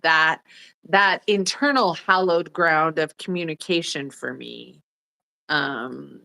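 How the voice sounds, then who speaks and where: A woman co-hosting a reflective spiritual conversation, pausing and searching for the right words as she talks. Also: low voice, gravelly, bright, forceful tone. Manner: searching for words, restarts to find the exact term. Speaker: co-host.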